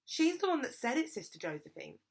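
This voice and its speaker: A spiteful little posh schoolgirl, whining and mocking in a high, loud voice, as a woman puts her on. She tattles shrilly in a storybook reading. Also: very animated, brisk, gravelly, slightly rough, exaggerated voice. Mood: whiny. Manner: whiny, mocking.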